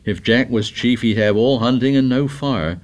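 A man's voice: mid-range voice, moderate pace, close to an everyday voice. Man reading as an anxious fussy schoolboy. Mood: pleading.

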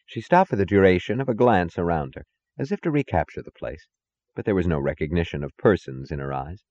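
A man narrating a novel in a measured, dramatic reading that gives each character its own voice. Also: low-pitched, animated, darkish tone, muffled recording. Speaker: audiobook narrator. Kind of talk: scripted narration.

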